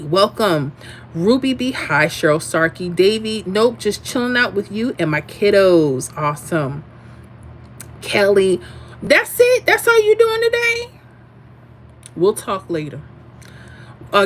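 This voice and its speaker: A woman's voice: medium pitch, a little hiss or hum. A woman hosting a casual livestream, chatting sassily and telling stories while reading viewer comments. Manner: sassy, animated storyteller. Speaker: livestream host.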